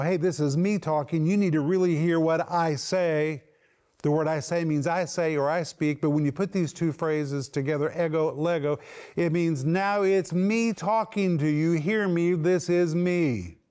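Man teaching a slow, emphatic sermon. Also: fairly high pitch, darkish tone. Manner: explains Greek words slowly and with emphasis. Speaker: Bible teacher.

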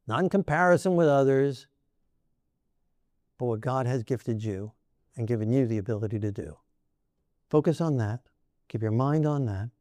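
A man's voice: mid-range voice, mellow, no room sound, clean studio sound. A man preaching a sermon in a conversational way, often checking in with "right?" and small laughs.

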